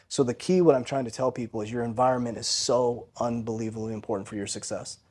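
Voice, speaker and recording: A man's voice: medium pitch, fairly even intonation, fast, a little mellow. A man in his forties, a guest on a podcast, telling a personal story in an earnest, candid way and often ending lines with "right?". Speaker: podcast guest, financial coach.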